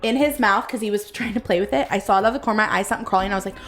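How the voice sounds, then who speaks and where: A young woman co-hosting a podcast, chatting casually and telling animated stories. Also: medium pitch, racing. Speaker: podcast co-host. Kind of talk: casual chat.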